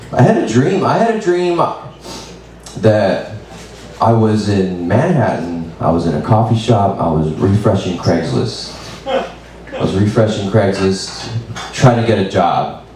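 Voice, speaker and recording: A man doing open mic stand-up, laid-back and deadpan with lots of swearing. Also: low voice, far from the mic. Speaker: stand-up comedian. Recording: very echoey room, mic from afar, faint noise.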